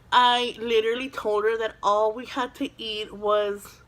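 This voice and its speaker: A woman's voice: fairly high pitch, steady tone, measured pace, hardly any pauses, a bit bright. A young woman vlogger telling a storytime tale in a chatty, dramatic way, filling her talk with "like", recorded on a phone camera at home. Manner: dramatic, chatty, says "like" constantly. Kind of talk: storytime vlog.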